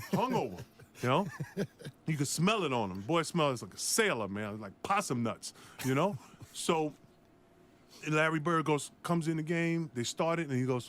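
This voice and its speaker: Animated man telling a basketball story. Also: fairly high pitch, moderate pace. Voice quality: animated, acts out voices in the story. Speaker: former NBA player telling a story. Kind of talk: storytelling in a played clip.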